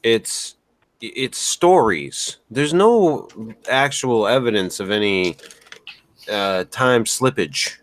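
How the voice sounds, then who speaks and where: A man with an ordinary, mid-pitched voice hosts a podcast in a jokey, teasing way. He trades quick sarcastic jabs with his co-hosts in loose, casual talk. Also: expressive, a little hiss or hum. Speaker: podcast host.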